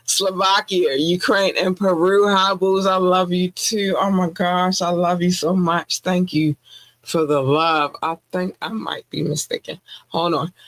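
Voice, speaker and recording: A woman's voice: fairly low pitch, level tone, a little slow, dry recording. Gushing, giggly woman podcast host. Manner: effusive and gushing, with giggly squeals. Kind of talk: casual podcast chat, shout-outs to listeners.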